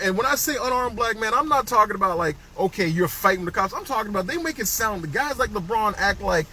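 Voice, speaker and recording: A man's voice: high-pitched, expressive, a little fast, few pauses, low-quality recording. Fired-up man ranting in a car. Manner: fired up, ranting, swings between loud jabs and muttered asides. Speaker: executive director hosting a ride-along talk. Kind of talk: heated monologue recorded while driving. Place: inside a car. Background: faint vehicle noise.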